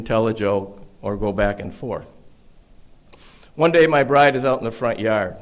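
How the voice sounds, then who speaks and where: Speaking into a podium microphone in a large room, a man from Michigan in the United States delivers a ceremonial graduation address to a police academy class. His mid-range voice carries earnest storytelling, emphatic repetition and wry asides.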